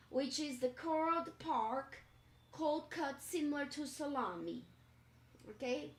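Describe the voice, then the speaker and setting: A woman teaching English in a live stream, explaining slowly and checking in with her viewers. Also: sits high. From Brazil. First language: Portuguese. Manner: slow, explanatory, checks in with "okay?". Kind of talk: live-stream language lesson. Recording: echoey room, faint noise.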